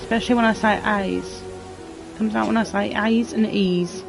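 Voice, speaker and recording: A woman's voice: medium pitch, fairly even intonation, gravelly, over music. A young adult woman streaming a game in casual live-stream chat, playful and giggly, often trying out silly accents. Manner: playful, slow-talking, giggly.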